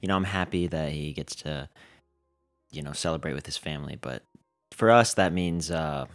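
A man's voice: extremely low pitch, normal speed, soft background music. A young man from the American South co-hosting a podcast, talking casually and joking around. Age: young adult. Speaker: podcast co-host. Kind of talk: casual chat.

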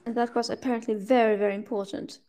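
A woman whose first language is Swedish speaks English with a Swedish accent. Her voice sits a little high. She talks in a casual podcast style, breaking off and restarting her sentences as she hunts for the right word. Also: flat delivery, warm tone. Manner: halting, restarts while searching for words. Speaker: guest.

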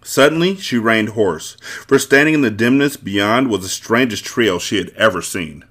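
A man hosting a podcast, reading a novel aloud with expressive, theatrical storytelling. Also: on the low side, normal speed. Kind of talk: dramatic read-aloud narration.

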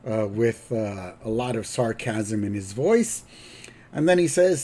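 A middle-aged man hosting a podcast, retelling a cartoon episode in a slow, rambling way with fillers and self-corrections. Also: medium pitch, warm tone, slightly rough. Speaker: podcast host. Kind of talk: casual recap of a cartoon episode.

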